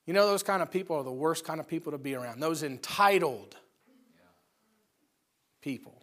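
Guy preaching a sermon, pretty high voice, folksy storytelling, acts out the characters. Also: animated, normal speed, fairly bright tone.

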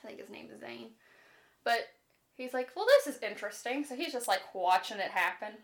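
A woman co-host talks through book plots in a loose, chatty way. Her voice sits a little high. She is animated, sprinkles in "like" constantly and swears without a second thought. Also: moderate pace, vocal fry. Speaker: podcast co-host. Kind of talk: casual chat about books.

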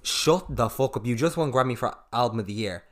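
A man's voice: mid-range voice, expressive, fairly quick, a bit bright. A man co-hosting a casual podcast chat, blunt, sweary and opinionated. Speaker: podcast co-host.

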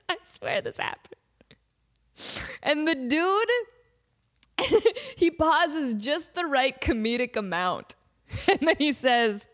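A woman hosting a podcast, telling a funny story in a casual, animated way and laughing often. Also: sits high, slow pace, long pauses. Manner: giggly, animated, laughs often mid-sentence. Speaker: podcast host.

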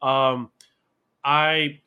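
A man co-hosting a podcast in casual chat, rambling and self-deprecating as he thinks out loud. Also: mid-range voice, little pitch movement, drawn-out words, clear, resonant tone, dull audio. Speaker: podcast co-host.

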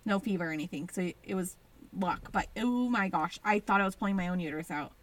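A woman in her thirties co-hosting a casual chat, an animated storyteller with lots of "like.". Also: fairly low pitch, fast talker, a little hiss or hum. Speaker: podcast co-host.

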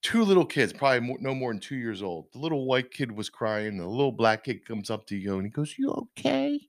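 A man's voice: medium pitch, animated, fast talker, no echo, clean studio sound. A man co-hosting a casual podcast, ranting emphatically with frequent restarts. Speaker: podcast co-host. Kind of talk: casual opinion chat.

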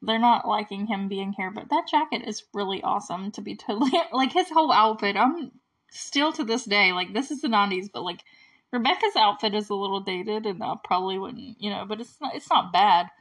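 A woman's voice: mid-range voice, a little fast, fairly bright tone. Casual woman host with a mid-range voice, chatting through a movie recap with easy laughs. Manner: chatty, peppered with "like" and small laughs; often clears her throat.

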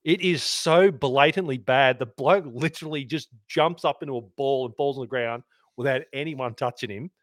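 Laughing, swearing bloke. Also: male voice, medium pitch, moderate pace, no room sound, clean studio sound. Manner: laughs often, swears, reads out stats. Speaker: podcast co-host. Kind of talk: casual sports chat.

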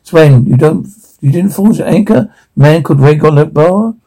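A man reading a drama script aloud, sound cues and all, in a halting way with frequent restarts. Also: a little high, animated, warm tone, poor audio.

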